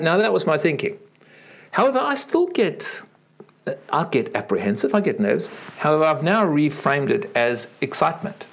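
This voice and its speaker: A middle-aged Australian man, a keynote speaker, telling animated stories in an interview and acting out the voices of the people in them. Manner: acts out quoted voices with big pitch swings, repeats words.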